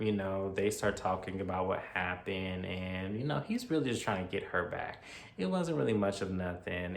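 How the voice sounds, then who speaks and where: A man casually recapping a horror movie, chatty and acting out the characters' lines as he goes. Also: sits low. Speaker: movie reviewer. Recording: echoey room.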